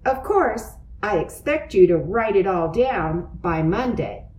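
Lady doing a teacher guy, firm and measured, slow and animated, echoey room. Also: mid-range voice. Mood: teacherly. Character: grown-up male schoolteacher, stern yet pleased. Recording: roomy, away from the mic.

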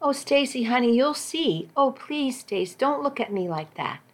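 A remorseful young husband mumbles apologies and pleads through tears, voiced by a woman reading the story. His voice sits a little high and hushed, a figure from a spoken story. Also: lively intonation, a little slow. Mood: pleading.

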